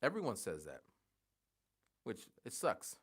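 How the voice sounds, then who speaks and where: A man in his forties chatting casually on a livestream, rambling and halting, thinking aloud with many restarts. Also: on the low side, wildly swooping pitch, slightly rough. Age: 40s.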